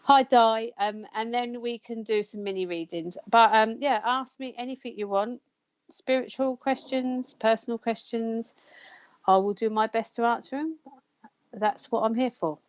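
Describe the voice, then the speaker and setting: A woman's voice: fairly high pitch, steady tone, unhurried, lo-fi sound. A woman hosting a live psychic counselling show, chatting casually, laughing often and stumbling over names. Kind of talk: casual live-stream chat.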